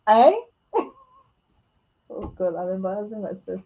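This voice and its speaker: A woman's voice: medium pitch, expressive, slow pace, pauses often, mellow, muffled recording. Chatty Nigerian woman on a live stream. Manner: chatty and self-mocking, laughing often, with Nigerian Pidgin asides. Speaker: vlogger answering live chat questions. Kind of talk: casual live-stream chat. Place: home.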